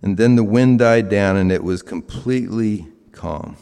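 A man's voice: on the low side, a little slow, warm tone, smooth. Southern guy preaching, talks easy with lots of "you know"s, big echoey hall. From American South. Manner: conversational, with frequent fillers and restarts. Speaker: pastor. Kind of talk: sermon. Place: large room with a live audience. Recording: long reverb of a hall.

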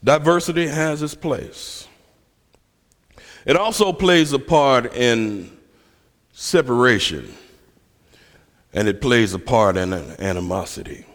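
A man's voice: medium pitch, lively intonation, slow pace, pauses often, a bit bright. Preacher, man, telling stories with a self-mocking humor; long hall reverb around him. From Memphis, USA. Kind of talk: sermon.

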